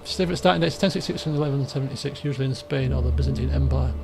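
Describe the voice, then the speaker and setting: Speaking over music at a racing pace, this man has a medium-pitched voice with vocal fry. In casual let's-play roleplay narration, he moves between reading story passages and rambling offhand talk, often starting his sentences over.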